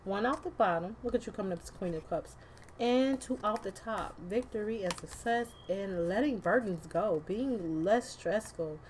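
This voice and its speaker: A woman's voice: medium pitch, normal speed, a little mellow, a little hiss or hum. A woman doing a casual tarot reading to camera, chatty and loose, with slang, swearing and laughing asides. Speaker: tarot card reader.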